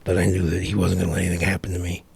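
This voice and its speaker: Middle-aged guy ranting at the camera, swears a lot, keeps restarting, raspy low voice. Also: completely flat delivery, very fast, darkish tone. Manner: profane, exasperated, rambling with restarts. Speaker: vlogger. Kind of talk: ranting commentary vlog.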